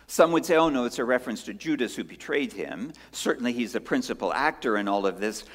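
A pastor preaching a sermon in an earnest way, moving between strong emphasis and hushed lines and asking rhetorical questions. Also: male voice, lowish voice. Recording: long hall reverb.

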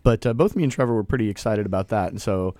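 Hosting a laid-back local radio program, this man has a fairly low, warm voice and a quick pace, recorded with no room sound. His talk rambles, he often starts over, and laughter comes readily.

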